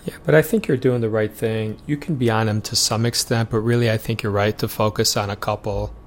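Male host, low voice, supportive and chatty, faint background hiss. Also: steady tone, a little fast. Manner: encouraging and agreeable. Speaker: interview host. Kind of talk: casual interview talk.

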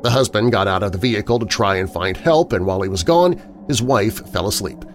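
A man reading a scripted documentary narration in a measured, dramatic storytelling manner. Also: fairly low pitch, animated, slight background noise.

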